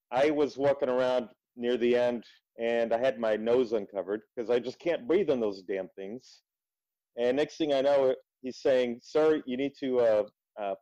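Podcast guest, male, animated storyteller, dull lo-fi sound. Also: medium pitch. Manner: animated storytelling, swears freely. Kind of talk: casual chat. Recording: muffled lo-fi audio.

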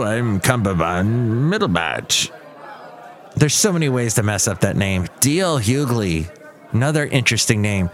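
Rambling, jokey male podcast host. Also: mid-range voice. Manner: rambling, jokey, self-correcting. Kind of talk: casual solo podcast monologue.

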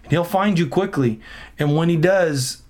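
A man's voice: a little high, moderate pace, darkish tone. A man who is a pastor, talking in a podcast conversation and preaching earnestly, often repeating phrases for emphasis.

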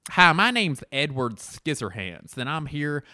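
A man's voice: a little high, big pitch swings, a little slow, sharp tone, no echo, studio quality, voice pushed up, heavily acted. A man putting on a mock-friendly voice as a cheerfully menacing stranger with scissors for hands.

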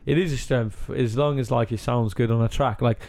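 A man's voice: medium pitch, steady tone, brisk, creaky, darkish tone. A young man with a Cardiff accent, a rapper talking in loose casual chat, full of fillers, rambling asides and frequent laughs. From Cardiff, Wales.

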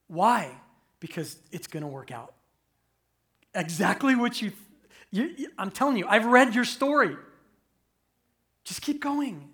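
A man preaching a conversational, animated sermon as pastor, acting out quick voices for humor. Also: high voice.

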